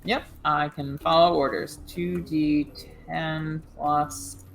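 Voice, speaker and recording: A player in a tabletop game, talking casually, quietly and with easy laughter. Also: medium pitch, steady tone, takes it slowly, gravelly, slight background noise, low-quality recording.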